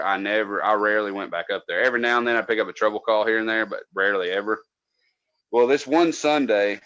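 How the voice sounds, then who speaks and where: A man from North Georgia, a podcast co-host telling a casual, profane story from his days as a cable tech, loudly acting out what people said. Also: fairly low pitch, no echo, highs cut off. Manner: profane, animated, acts out quotes loudly.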